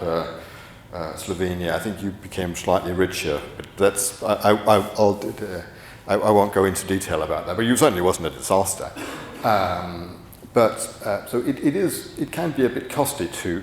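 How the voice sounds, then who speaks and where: A man's voice: deep voice, moderate pace, a little hiss or hum. A middle-aged man giving a rambling conference lecture, full of restarts and fillers. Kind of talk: conference talk. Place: conference hall. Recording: echoey hall from afar.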